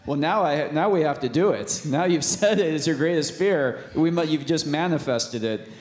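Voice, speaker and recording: A man on a press panel, playful and quick to laugh. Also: on the high side, darkish tone. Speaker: film director on a panel. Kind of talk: press conference answers.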